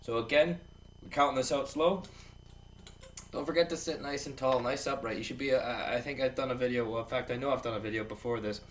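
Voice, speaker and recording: A man teaches drums in a loose, jokey way and counts beats aloud. He sounds set back from the microphone, and a clear hiss of background noise runs under his voice. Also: medium pitch, a little fast, far from the mic. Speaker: drum teacher. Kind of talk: casual video lesson.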